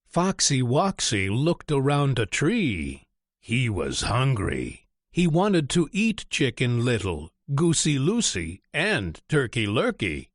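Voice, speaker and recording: A man reading a children's story aloud in an expressive, deliberate way. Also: medium pitch, dry recording, studio quality. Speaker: narrator. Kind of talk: storybook read-aloud narration.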